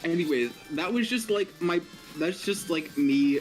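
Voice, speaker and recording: A man's voice: fairly high pitch, lively intonation, a little slow. Laughing, emphatic man on a game stream. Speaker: guest co-commentator on a stream. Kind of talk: casual gaming stream chat. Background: faint game music.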